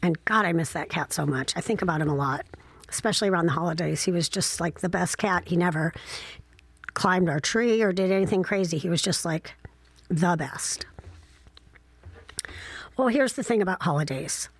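A woman's voice: fairly low pitch, moderate pace, pauses often, slightly rough, dry recording. A middle-aged woman from Ohio telling personal stories as a mother in a candid, reflective, wry way, with frequent fillers. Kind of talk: casual personal storytelling.

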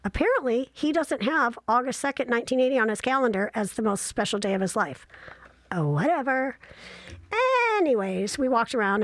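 A woman in her sixties telling a casual travel story, chatty and self-deprecating with animated asides. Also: fairly high pitch, a little fast, dry recording.

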